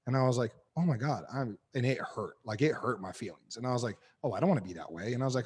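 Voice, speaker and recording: A man in his thirties talks casually as a podcast guest, his voice sitting at an ordinary middle pitch. He tells stories frankly and with animation, swearing often. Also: fast talker, hardly any pauses, husky. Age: 30s. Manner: candid, animated storytelling with frequent swearing. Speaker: podcast guest, knife maker. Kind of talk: casual interview chat.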